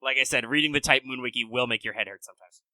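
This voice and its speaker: A man's voice: mid-range voice, racing, sharp tone, dry recording. A man co-hosting a podcast, explaining things in a loose, rambling way with lots of "like" and casual swearing. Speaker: podcast co-host. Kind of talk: casual chat.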